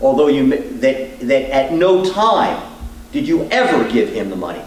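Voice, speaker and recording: A man teaching as a law professor, speaking deliberately with measured pauses. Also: medium pitch, big pitch swings, slight background noise. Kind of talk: teaching demonstration. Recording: echoey room, distant mic.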